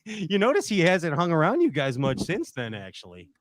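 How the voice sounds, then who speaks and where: Upbeat male host, animated pitch, ribbing guests on a video call. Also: moderate pace, no room sound. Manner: lively, teasing, laughs often. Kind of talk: casual chat.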